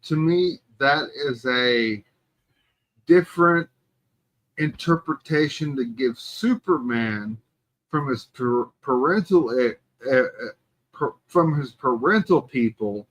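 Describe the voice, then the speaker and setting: A man's voice: mid-range voice, lively intonation, slow pace, low-quality recording. A man co-hosting a podcast, debating a movie in casual chat and pressing his point. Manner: emphatic, argues his point. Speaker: podcast co-host.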